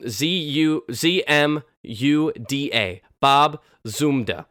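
A man telling a story in a loose, animated, chatty way with lots of fillers. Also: a little high, drawn-out words, no room sound, studio quality. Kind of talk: casual storytelling.

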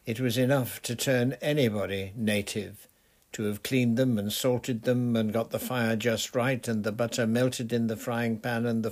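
A man narrating a children's adventure novel in a steady, measured storytelling voice. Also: on the low side. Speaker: audiobook narrator. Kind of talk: scripted narration.

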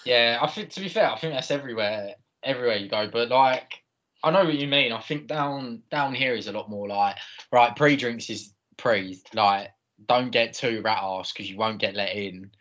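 A man's voice: mid-range voice, moderate pace, fairly bright tone, highs cut off. A young man, co-hosting a casual chat in loose, filler-heavy talk.

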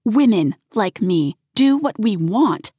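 A woman's voice: mid-range voice, expressive, slow pace, warm tone, breathy edge, no echo, clean studio sound. A woman voicing a bold young woman who is cool, confident and mocking, in an audio story. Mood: defiant.

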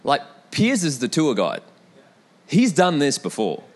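A young male pastor preaches with lively energy. He calls out to the congregation again and again and breaks into stories along the way. His voice sits a little higher than most men's. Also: measured pace. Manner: animated preaching with repeated calls and storytelling asides. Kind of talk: sermon.

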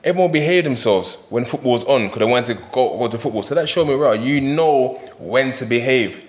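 A man's voice: mid-range voice, animated. A man telling prison stories in a casual podcast chat, acting out other people's lines as he goes. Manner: fast storytelling, acts out quoted voices, laughs while telling. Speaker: podcast guest.

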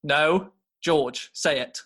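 A man's voice: on the high side, very slow, fairly bright tone, husky, full character voice. A man playing a brash, pompous schemer who puts on a fake British accent in an improvised comedy soap. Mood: indignant.

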